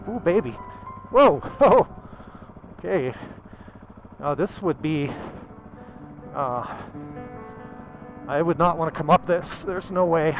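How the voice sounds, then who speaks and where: A man's voice: a little high, slow, pauses often, music in the background, rough recording. A man vlogging his motorcycle ride over a mountain pass outdoors, talking casually and exclaiming with open emotion. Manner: excitable, exclaiming, openly emotional. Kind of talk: casual narration while riding.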